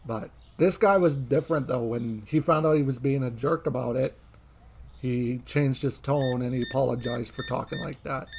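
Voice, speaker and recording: A young man talks casually over a game, drifting into long, chatty anecdotes. His voice sits at a middling pitch with a gravelly, fry-laden edge. Faint noise hums under the recording. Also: moderate pace, a little mellow. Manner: chatty, rambling anecdotes with frequent laughs. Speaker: gaming streamer. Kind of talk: casual gameplay commentary and storytelling.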